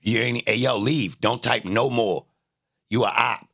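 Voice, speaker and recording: A man's voice: mid-range voice, measured pace, vocal fry, a bit bright. A man livestreaming, arguing with his chat in a confrontational, taunting way and repeating his jabs. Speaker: livestreamer reacting to trial footage. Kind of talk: casual live-stream commentary, arguing with chat.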